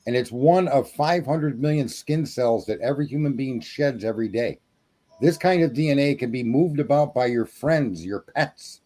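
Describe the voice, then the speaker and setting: Guy with a warm mellow voice, lecturing and arguing on a true crime stream. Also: medium pitch, normal speed. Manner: emphatic, argumentative, lecturing. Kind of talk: casual live-stream discussion.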